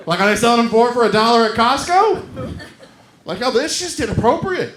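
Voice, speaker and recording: Male stand-up comic with a very high voice, on a handheld mic in a roomy club. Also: a little fast, slight background noise. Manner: loud and animated, acts out quoted people. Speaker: stand-up comedian. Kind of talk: stand-up comedy set. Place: comedy club stage.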